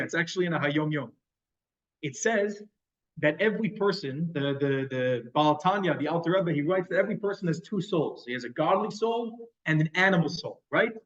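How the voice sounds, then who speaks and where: High-voiced rabbi telling a story. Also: male voice. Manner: storytelling, conversational. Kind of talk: sermon. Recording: dull lo-fi sound.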